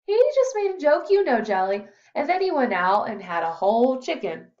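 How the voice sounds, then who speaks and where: A woman's voice: high-pitched, big pitch swings, moderate pace, a little mellow, muffled recording, pitched above the performer's own voice. A woman voicing a friendly, chatty teenage boy who works as an assistant trainer.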